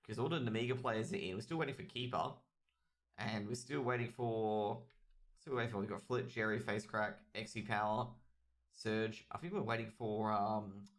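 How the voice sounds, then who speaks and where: A man's voice: fairly low pitch, fairly bright tone. A man with an Australian accent giving chatty, rambling solo commentary on a livestreamed match and talking straight to his chat. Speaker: esports caster.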